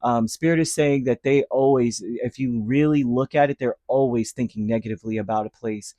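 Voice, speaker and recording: A man giving a casual tarot reading, chatty and animated, full of fillers and restarts. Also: medium pitch, fairly quick, no room sound, clean studio sound. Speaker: tarot reader.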